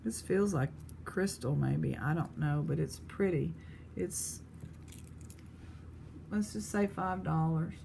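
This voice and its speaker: A woman's voice: low voice, takes it slowly, vocal fry, long pauses, warm tone, a little hiss or hum. A woman vlogger chatting casually, rambling between stories as she prices jewelry pieces. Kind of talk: casual chat.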